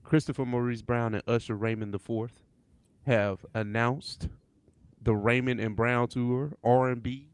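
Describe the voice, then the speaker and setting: A man's voice: mid-range voice, steady tone, measured pace, clear, resonant tone, dry recording. A man hosting a podcast in casual chat, laid-back and laughing often. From St. Louis area. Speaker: podcast host.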